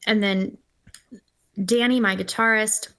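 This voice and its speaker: A woman's voice: mid-range voice, steady tone, takes it slowly, bright, forceful tone. A woman guest musician chatting casually in an interview, telling stories with enthusiasm. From Los Angeles-based. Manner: talks with her mouth full. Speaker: singer-songwriter guest.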